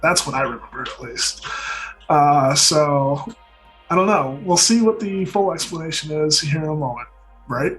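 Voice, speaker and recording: A man's voice: fairly high pitch, normal speed, a bit bright, soft background music, rough recording. A man introducing himself as a player, easygoing and a bit hesitant. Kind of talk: casual self-introduction.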